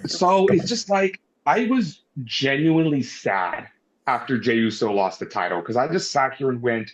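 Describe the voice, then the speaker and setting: A man co-hosting a casual wrestling review podcast, animated and swearing as he rants in mock anger. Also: medium pitch, moderate pace, muffled recording. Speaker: podcast co-host.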